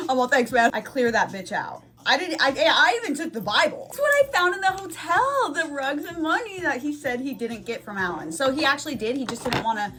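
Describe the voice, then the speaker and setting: A woman in her thirties telling a casual storytime, fast and profane, full of "like" and "dude". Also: a little high. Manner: fast, profane, animated retelling with lots of "like".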